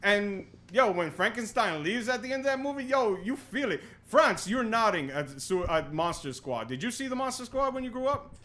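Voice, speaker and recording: A young man hosting a podcast in casual chat, excitable and full of "yo", often restarting his sentences. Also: high-pitched, moderate pace, few pauses. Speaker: podcast host.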